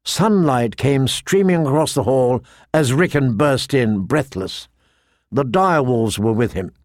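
A man narrating a fantasy novel in a measured, steady storytelling voice. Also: mid-range voice, no room sound, clean studio sound. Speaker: audiobook narrator.

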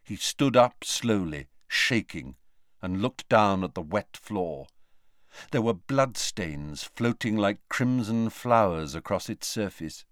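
A man's voice: on the low side, expressive, slow pace, a bit bright, no echo, clean studio sound. A man narrating a novel as an audiobook, with dramatic storytelling. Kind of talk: scripted narration.

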